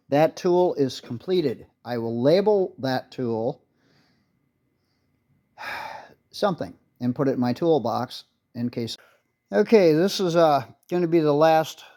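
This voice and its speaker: A man's voice: mid-range voice, a little mellow. A man in a workshop talking casually through a tractor repair, blunt and rambling, swearing when irritated. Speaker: restoration video maker.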